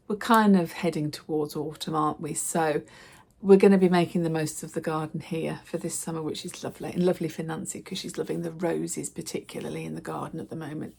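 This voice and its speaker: A middle-aged woman, chatting to camera in a casual vlog and telling stories with lively acted quotes. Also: low-pitched, gravelly. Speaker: lifestyle vlogger.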